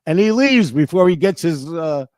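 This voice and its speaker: A man's voice: on the high side, lively intonation, moderate pace, no room sound, clean studio sound. An older man telling a profane story and acting out both sides of the conversation. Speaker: storytelling guest. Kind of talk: casual storytelling.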